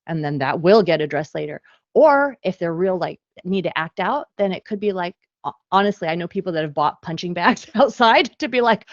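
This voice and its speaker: A woman speaking as author and guest speaker in a parenting webinar, lively and acting out quick exchanges between parent and child. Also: lowish voice, no echo, highs cut off. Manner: animated, acts out parent and child quotes.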